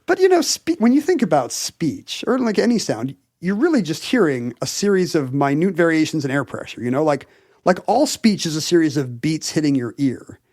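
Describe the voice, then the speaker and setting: Guy cohosting a podcast, kinda high voice, rambles thru explanations w lots of "you know", dry close mic. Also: very animated, moderate pace, darkish tone, no room sound. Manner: enthusiastic explainer, hedges with fillers. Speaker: podcast co-host. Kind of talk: casual explanatory chat.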